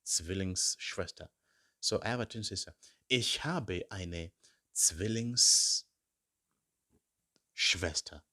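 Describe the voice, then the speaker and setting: Male German tutor, a deep and deliberate teacher who drills phrases slowly and patiently. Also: sharp tone. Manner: repeats each German phrase slowly, then translates it into English. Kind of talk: slow, repeated language lesson.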